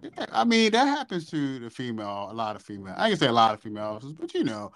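A man hosting a podcast over a remote call, mostly giving short replies and speaking haltingly. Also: medium pitch, wildly swooping pitch, a bit bright. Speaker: podcast host. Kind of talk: casual chat.

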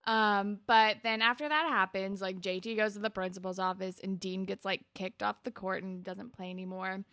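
A woman's voice: medium pitch, steady tone, moderate pace, a bit bright, no echo, clean studio sound. A woman co-hosting a podcast, retelling a TV episode in a rambling, casual way full of "like". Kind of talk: casual TV recap chat.

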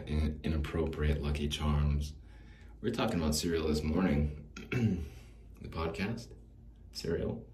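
Guy with a super deep voice rambling solo on his podcast, self-deprecating and wistful, roomy echo and faint hiss. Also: a little mellow. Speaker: podcast host. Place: small home studio.

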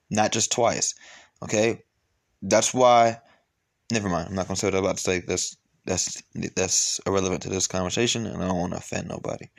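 A man's voice: on the low side, gravelly. A man hosting casual reaction commentary, talking loosely in slang with laughing asides. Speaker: commentary host.

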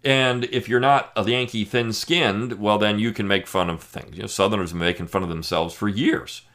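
A man's voice: fairly low pitch, fairly even intonation, normal speed, fairly bright tone. A man hosting a podcast, giving an emphatic, sarcastic opinion monologue with frequent fillers. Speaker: podcast host.

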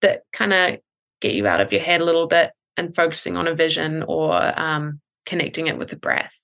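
In a podcast interview, a breathwork coach in her thirties explains things thoughtfully, with frequent ums and soft laughs. She has a deep voice with vocal fry and talks briskly.

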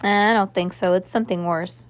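A woman's voice: mid-range voice, fairly even intonation, moderate pace, close to an everyday voice. A woman reading aloud, voicing a worried, secretive young girl in an earnest tone in a storybook.

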